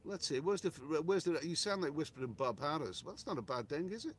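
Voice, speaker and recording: A middle-aged man chats loosely on a live stream from a hotel room. His voice sits a little high, and he repeats himself and restarts his sentences as he answers viewers. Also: lively intonation, brisk, a little hiss or hum. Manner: chatty, rambling, repeats words and restarts, says mate. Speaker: travel livestream host reading viewer chat. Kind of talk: casual live-stream chat.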